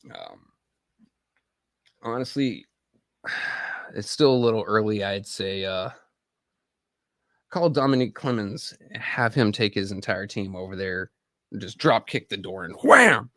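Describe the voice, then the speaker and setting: Give me a low-voiced man in his thirties chatting casually on a live stream, rambling and swearing, recorded dry. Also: unhurried, long pauses, no echo. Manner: rambling and profane, talks straight to viewers. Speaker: livestream host and army veteran.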